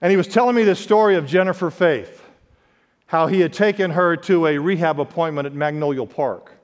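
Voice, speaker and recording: Male pastor, high voice, dynamic sermon delivery, long church-hall reverb. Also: a little fast. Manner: preaching with sharp swings in pitch and volume, quotes scripture. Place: church sanctuary.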